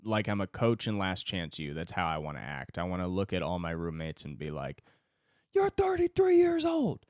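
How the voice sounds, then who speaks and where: A man's voice: deep voice, a little fast, few pauses, clear, resonant tone, dry recording, clean studio sound. A young man, a stand-up comedian, riffing casually and profanely on his solo podcast.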